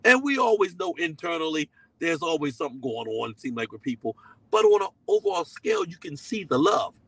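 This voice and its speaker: A man's voice: fairly high pitch, huge pitch swings, fairly quick, gravelly, no room sound, low-quality recording. Earnest middle-aged preacher man, dry sound. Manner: conversational and emphatic, repeating key phrases; slips into voices when quoting people. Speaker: pastor. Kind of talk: sermon-style teaching to a live online audience.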